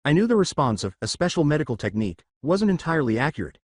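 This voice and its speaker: A man reading the lines of a gentle, grieving tribal mother in a soft, plain way. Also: a little high, sing-song, fast talker, dry recording. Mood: sad.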